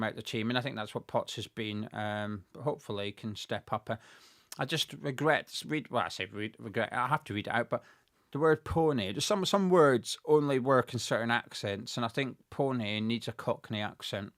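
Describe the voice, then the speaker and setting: A man hosting a casual fan chat, reading viewer comments aloud in a measured way with some hesitant fillers. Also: mid-range voice, a bit bright, dry recording, studio quality. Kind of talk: casual live watch-along chat.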